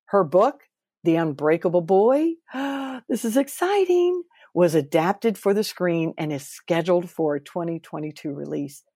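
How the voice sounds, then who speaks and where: A woman hosting a podcast interview, bubbly and expressive, her voice swooping up when she gets excited. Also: lowish voice, normal speed, no room sound, studio quality. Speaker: podcast host.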